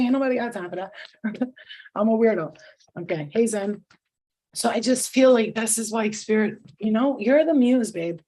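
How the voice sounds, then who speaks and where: A woman's voice: mid-range voice, warm tone. A middle-aged woman hosting a live spiritual reading, talking casually, swearing, restarting sentences and laughing often. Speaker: tarot reader.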